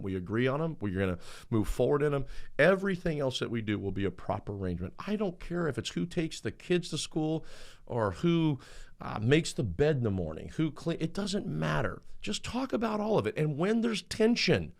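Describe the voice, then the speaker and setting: Emphatic middle-aged man giving a talk. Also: creaky. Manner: emphatic, preacher-like swings in pitch. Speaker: host. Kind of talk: motivational talk on marriage.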